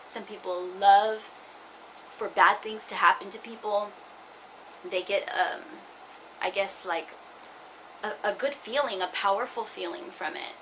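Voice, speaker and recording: A woman's voice: medium pitch, measured pace, pauses often, bright, forceful tone, a little hiss or hum, rough recording. A young woman vlogging casually, rambling with many fillers and restarts. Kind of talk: casual personal vlog.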